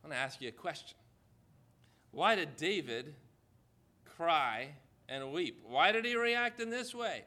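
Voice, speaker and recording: A man preaching a sermon, retelling a scripture story with slow, emphatic pauses and rhetorical questions. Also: on the high side, animated, pushed and bright.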